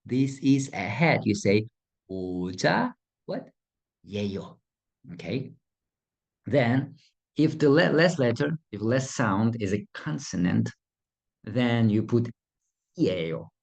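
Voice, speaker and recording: A man teaching a beginner language lesson in a relaxed, hesitant way with frequent fillers and playful asides. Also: lowish voice, husky. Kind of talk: casual video lesson.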